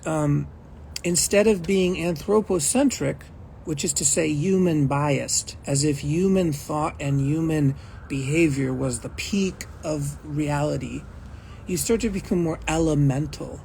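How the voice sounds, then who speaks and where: A man's voice: a little high, vocal fry, darkish tone, a little hiss or hum, poor audio. A man teaching a non-conceptual meditation practice in a conversational way, often acting out inner thoughts and checking in with his listeners. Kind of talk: teaching a spiritual practice talk.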